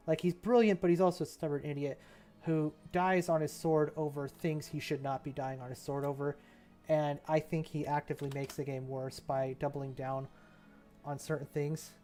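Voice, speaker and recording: A young man rambles through a relaxed stream chat, laughing often and slipping into quick mimicry of others. His voice sits a little high, and soft music plays faintly underneath. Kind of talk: casual chat while mapping.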